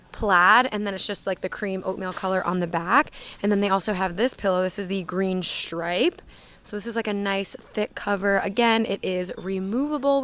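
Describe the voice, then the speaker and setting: A woman's voice: mid-range voice, fairly bright tone. A young woman filming a casual walkthrough in a big store, chatting loosely and reading out prices as she goes. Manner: chatty, lots of "like", reads out prices. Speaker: shopping vlogger. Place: inside a large retail store.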